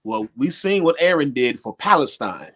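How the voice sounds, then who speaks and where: A man's voice: mid-range voice, big pitch swings, moderate pace, a bit bright. A man on a talk show panel, making wry, pointed remarks in a casual way. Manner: wry, sarcastic asides.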